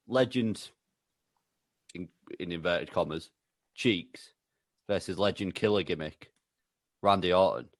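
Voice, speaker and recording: Low-voiced man telling a comic story. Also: no room sound. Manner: chatty, asking rhetorical tags. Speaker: podcast co-host. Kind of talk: casual comedic storytelling.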